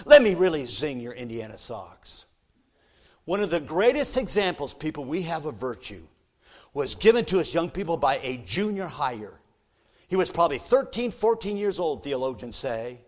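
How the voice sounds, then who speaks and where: Preacher man swinging from hush to shout. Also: medium pitch, very animated, unhurried. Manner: storytelling with big swings from hushed to shouting. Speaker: pastor. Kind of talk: sermon.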